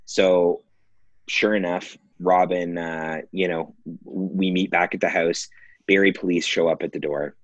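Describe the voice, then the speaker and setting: A man's voice: low-pitched, fairly even intonation, unhurried, no echo, dull audio. A man telling a story on a podcast, rambling with many fillers and frequent laughs. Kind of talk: casual storytelling.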